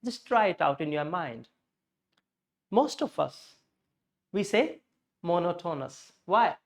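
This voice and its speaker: A man with an Indian English accent teaching English pronunciation, stressing and repeating words slowly to drill the sound. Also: high-pitched, lively intonation, creaky. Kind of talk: spoken English lesson.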